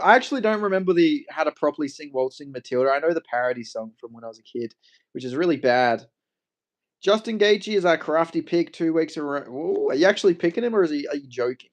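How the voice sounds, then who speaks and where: A man's voice: on the high side, lively intonation, fast. A young Australian man on a casual livestream, joking, swearing freely and answering his chat. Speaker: MMA streamer.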